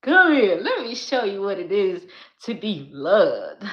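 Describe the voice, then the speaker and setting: A woman voicing a flirty, adoring man who calls his woman home, loud and laughing as she plays him. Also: medium pitch, very animated, measured pace, reverberant, highs cut off.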